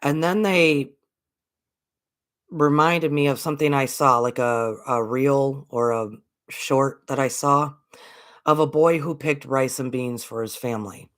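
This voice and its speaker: A woman's voice: extremely low pitch, fairly even intonation, measured pace. An American woman hosting a spiritual channel, talking in a casual, earnest way and repeating her points for emphasis. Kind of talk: casual spiritual vlog talk.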